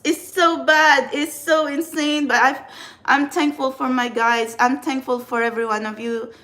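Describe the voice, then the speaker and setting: A woman's voice: high voice, fairly even intonation, normal speed, bright, forceful tone. A woman from the Philippines with a Filipino accent, talking casually to camera as a tarot reader and spiritual channeler. She rambles earnestly and often restarts her sentences.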